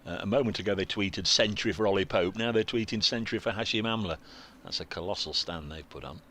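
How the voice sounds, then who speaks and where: Deep-voiced rambling co-commentator. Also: male voice, fast, bright, forceful tone, slight background noise. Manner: rambling, many fillers and restarts, jokey. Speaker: cricket co-commentator. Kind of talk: casual commentary chat.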